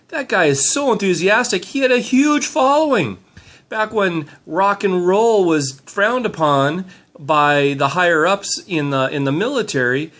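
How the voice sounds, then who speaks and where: A man's voice: sits high, fairly bright tone. A middle-aged man filming himself on a handheld camera, giving an upbeat, rambling motivational talk with many fillers. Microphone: handheld camera mic.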